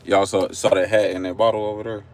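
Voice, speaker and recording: Country-talking Oklahoma man, low voice. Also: little pitch movement, quick pace. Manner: rambling, joking, talks to viewers directly. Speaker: livestreamer. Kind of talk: casual livestream chat. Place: in a car at a drive-thru. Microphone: phone camera.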